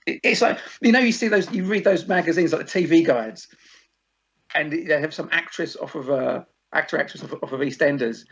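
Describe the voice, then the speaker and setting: A man hosting a podcast in casual chat, an animated storyteller who acts out quoted lines. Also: on the high side, a little fast. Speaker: podcast host. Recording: dull lo-fi podcast audio.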